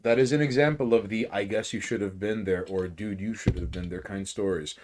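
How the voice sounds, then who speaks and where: A man from New York co-hosting a podcast, telling stories in a profane, animated way with big swings in loudness. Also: fairly low pitch, a little fast, very noisy. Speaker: podcast co-host. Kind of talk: casual chat, storytelling.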